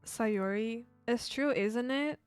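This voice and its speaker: A caring, earnest protagonist of a dating game, read aloud by a woman streamer, in an everyday voice. The delivery is slow and steady, slightly high, in a dry close sound with faint music behind. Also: clean tone, dry recording.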